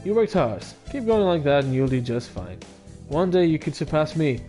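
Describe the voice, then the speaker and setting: A man voicing a calm male teacher who gives measured, encouraging praise. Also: a little high, faint music behind.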